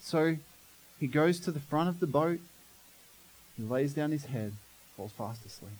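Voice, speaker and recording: A man's voice: fairly high pitch, animated, measured pace, a little mellow, husky, rough recording. A man preaching a sermon as pastor, telling the story dramatically and asking the congregation questions.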